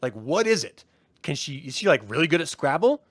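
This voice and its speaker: A man co-hosting a casual review podcast, talking in an animated way, swearing and mocking in impressions. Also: on the high side, a little fast, slightly rough, dry recording. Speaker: podcast co-host.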